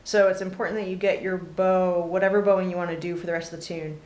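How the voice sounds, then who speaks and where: A woman teaching a casual fiddle lesson, relaxed and chatty with many pauses and fillers between playing. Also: on the low side. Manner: relaxed, lots of ums, talks between demonstrations. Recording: roomy with loud fiddle playing.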